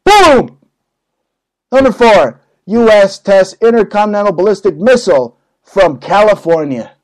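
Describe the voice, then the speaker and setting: Young guy hosting a talk show, bit high pitched, rambles and swears, jokey rants. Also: normal speed, low-quality recording. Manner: crude, rambling, joking rants with sudden loud bursts. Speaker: host. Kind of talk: casual talk show banter.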